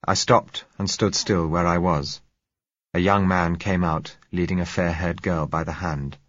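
A man reading a novel aloud as narrator, in a measured, wry manner. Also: low-pitched, steady tone, fairly bright tone, dry recording, highs cut off. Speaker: audiobook narrator. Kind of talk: scripted narration.

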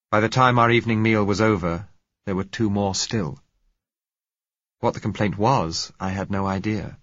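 A man narrating a story in the first person, in a measured, reflective way. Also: sits low, a bit bright, no room sound. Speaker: audiobook narrator. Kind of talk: scripted narration. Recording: dull lo-fi recording.

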